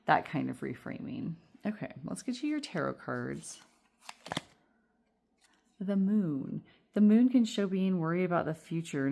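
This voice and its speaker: A woman's voice: deep voice, creaky, mellow. A woman giving a casual, reassuring tarot reading, chatty and rambling with fillers. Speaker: tarot reader.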